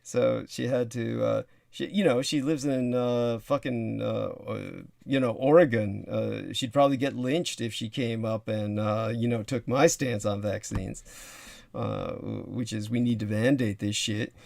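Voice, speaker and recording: A man's voice: medium pitch, fairly even intonation, a little slow, creaky, a little mellow, no room sound, studio quality. A man hosting a casual livestream chat, rambling with lots of fillers and asides. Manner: rambling with many fillers and laughs. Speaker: livestream host.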